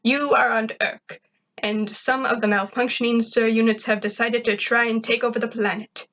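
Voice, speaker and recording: A woman's voice: fairly high pitch, flat delivery, normal speed, a bit bright, close to an everyday voice. A woman voicing a blunt, bossy alien invader. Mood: instructing. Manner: blunt, commanding, speaks of himself grandly. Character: stern bossy male alien invader, proud leader. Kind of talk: amateur story reading.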